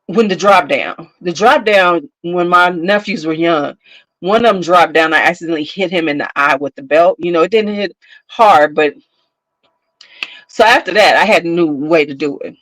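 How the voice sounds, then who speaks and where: A woman hosting a casual chat to camera, telling stories in an animated, profane way, laughing often and acting out scenes. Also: on the low side, moderate pace, dry recording, poor audio. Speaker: beauty channel host.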